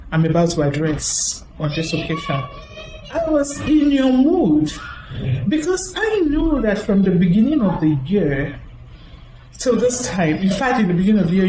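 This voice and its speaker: A woman's voice: medium pitch, big pitch swings, moderate pace, mellow, echoey room, a little hiss or hum, low-quality recording. A woman giving a storytelling talk to an audience as a motivational speaker. She chats along and acts out the voices of the people she quotes.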